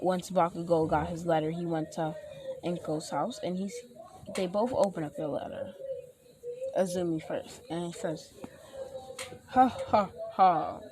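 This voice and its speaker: A woman's voice: on the low side, mellow, slight background noise. A young woman casually retelling her fan fiction story, rambling with many fillers and restarts and acting out the characters' lines.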